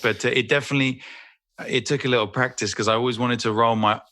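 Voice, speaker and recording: A man as an actor guest in a casual interview, talking in a relaxed, rambling, self-deprecating way. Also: mid-range voice, fast, no echo.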